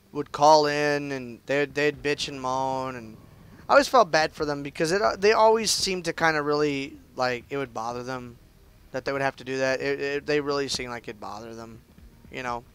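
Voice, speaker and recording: Rambling man streaming a game, smooth voice. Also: on the high side, moderate pace, fairly bright tone. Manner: rambling, loose, with many fillers and restarts. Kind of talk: live gameplay commentary.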